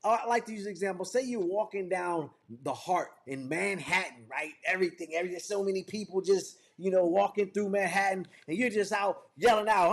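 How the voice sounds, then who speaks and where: A man's voice: high-pitched, a little fast, husky. A man leading a motivational sales training over a video call, talking in fervent, repetitive build-ups like a preacher. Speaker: business trainer.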